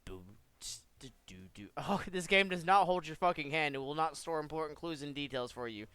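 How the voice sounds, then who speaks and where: A man's voice: on the high side, brisk, pushed and bright, clean tone, no echo. A young man giving casual, profane let's play commentary with joking, mumbled asides. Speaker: gamer.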